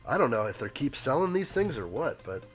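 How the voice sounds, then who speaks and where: Hoarse man chatting on a live stream. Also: medium pitch, very animated, brisk, faint music behind. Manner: chatty and joking, reads viewer comments aloud. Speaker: live stream host building a toy set. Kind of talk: casual live stream chat.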